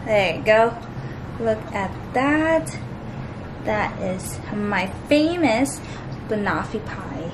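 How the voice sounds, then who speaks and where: A young woman in her twenties talks to camera in a bubbly, chatty vlog style. Her voice sits a little high. A faint hiss of background noise runs under it. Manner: bubbly and chatty, many fillers. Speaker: lifestyle vlogger. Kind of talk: casual vlog chat to camera.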